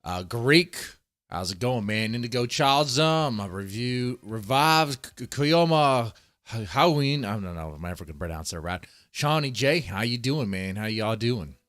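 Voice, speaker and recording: A man's voice: mid-range voice, animated, normal speed, a bit bright. A man reacting to a video on a live stream, greeting chatters and ranting with heavy swearing. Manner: profane, ranting, mocking. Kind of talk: casual live-stream commentary.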